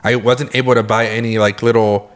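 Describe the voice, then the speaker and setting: A man's voice: lowish voice, fairly quick. A young man from California co-hosting a podcast, telling stories in a casual chat, acting out his reactions and cursing freely. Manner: animated storytelling, swears freely, acts out his own reactions. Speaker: podcast co-host.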